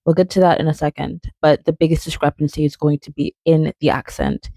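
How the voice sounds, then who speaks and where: Chatty young woman, mellow and dry. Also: deep voice, fairly quick, creaky, no echo. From outside England. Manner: chatty and playful, with frequent fillers and tangents. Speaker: video essayist. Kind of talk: casual spoken video essay.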